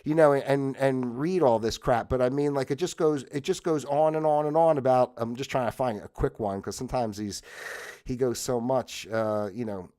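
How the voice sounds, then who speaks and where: A man hosting his own livestream, talking casually in a rambling way with many fillers and restarts, at times bursting into loud, exasperated outbursts. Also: mid-range voice, moderate pace. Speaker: livestream host. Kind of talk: casual solo livestream monologue.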